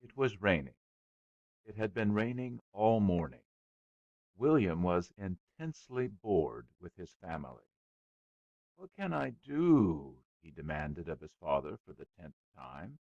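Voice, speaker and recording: A man reading a children's story aloud with measured, expressive scripted narration. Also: deep voice, dry recording, muffled recording. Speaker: audiobook narrator.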